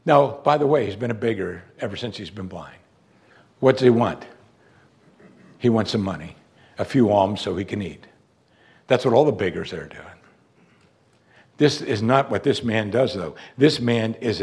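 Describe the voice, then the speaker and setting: A man preaching a sermon, moving between loud, raised emphasis and quiet, hushed lines. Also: on the low side, moderate pace, gravelly, pauses often. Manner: animated, swings from loud emphasis to soft, hushed delivery.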